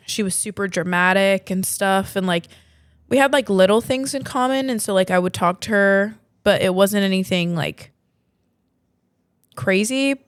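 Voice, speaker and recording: Young woman, podcast co-host, casual rambling storyteller, smooth clean voice, dry close sound. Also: mid-range voice, no room sound. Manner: rambling storyteller, many "like" fillers. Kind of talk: casual chat.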